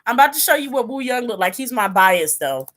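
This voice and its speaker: A woman hosting a casual commentary chat, talking loosely and breaking into loud laughing shouts. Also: fairly high pitch, big pitch swings, fairly quick. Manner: chatty, bursts into laughing shouts. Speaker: host.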